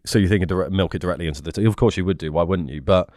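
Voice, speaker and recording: A man's voice: low voice, very fast, darkish tone, no echo, studio quality. A man co-hosting a casual comedy podcast, playful and reading quotes aloud with mock gravity. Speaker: podcast co-host.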